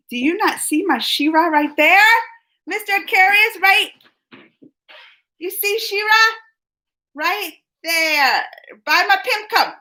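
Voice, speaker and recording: A woman's voice: high voice, pushed and bright, poor audio. A woman hosting a casual live chat with viewers, rambling and laughing as she answers their comments. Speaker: live-stream host.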